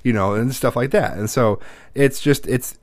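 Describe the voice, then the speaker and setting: A man's voice: mid-range voice, normal speed, no room sound, clean studio sound. A man in his thirties chatting casually on a podcast, telling a rambling, profane story.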